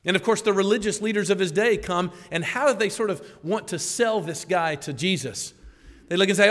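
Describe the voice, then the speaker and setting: A man preaching a sermon as a pastor, animated, acting out the voices he quotes and laughing at himself. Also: fairly high pitch, fairly quick. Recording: long hall reverb.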